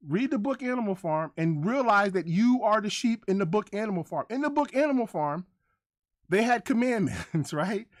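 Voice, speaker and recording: A man's voice: high voice, no room sound, studio quality. A man hosting a livestream, ranting to his chat in a combative, profane, repetitive way. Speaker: livestream host.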